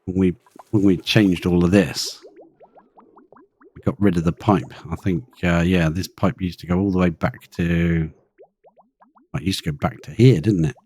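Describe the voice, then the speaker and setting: Low, dark-voiced man thinking aloud. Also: steady tone, normal speed, long pauses, husky. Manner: thinking aloud, chatty, talks to in-game creatures. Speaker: streamer playing a colony-building game. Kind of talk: live gameplay commentary.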